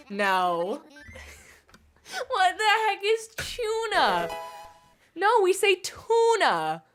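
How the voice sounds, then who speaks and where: In a fairly bright, medium-pitched voice, a bubbly young woman streams a game. She chats with viewers, laughs a lot, reads their messages aloud, and reflects on the pronunciation of words.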